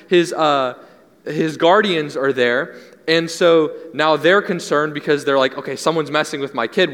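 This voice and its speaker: A man's voice: a little high, fairly bright tone. A young adult man preaching a sermon as pastor, earnest and conversational, repeating key phrases for emphasis. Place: church hall. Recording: long hall reverb.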